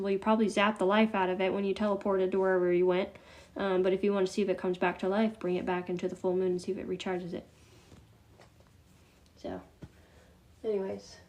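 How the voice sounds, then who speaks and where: A woman's voice: medium pitch, darkish tone. A middle-aged woman hosting a casual live class on crystals, talking in a chatty, scattered way with frequent laughs and muttered asides. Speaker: spiritual class host.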